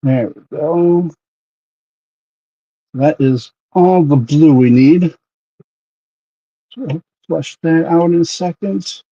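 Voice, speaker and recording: A man's voice: fairly high pitch, slow, pauses often, warm tone, muffled recording. A man hosting a livestream, chatting casually while airbrushing a model and greeting viewers by name. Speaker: livestream host.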